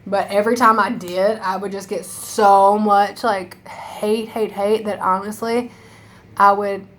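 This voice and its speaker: A woman's voice: mid-range voice, little pitch movement, a little slow, a bit bright. Rambling emotional young woman vlogger. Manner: rambling, emotional, heavy use of "like" and profanity. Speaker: makeup vlogger. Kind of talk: casual rambling monologue to camera.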